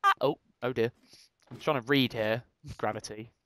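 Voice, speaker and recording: A man's voice: medium pitch, normal speed, pushed and bright. A young man co-hosting a Let's Play, reading in-game signs aloud and bantering casually. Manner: joking, reads in-game text aloud. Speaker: gaming co-host.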